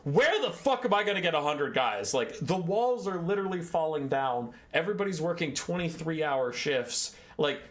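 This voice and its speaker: Man doing an irritated cursing army commander, loud and exasperated. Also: on the high side, animated, normal speed, hardly any pauses, pitched above the performer's own voice. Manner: shouting, exasperated, swearing.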